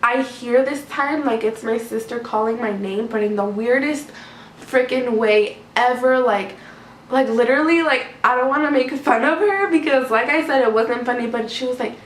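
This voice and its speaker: A woman's voice: on the high side, moderate pace. A young woman telling a casual storytime to her camera, rambling with lots of "like" fillers. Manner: chatty, rambling, many "like" fillers. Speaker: vlogger. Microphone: camera mic. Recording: echoey room, faint background noise.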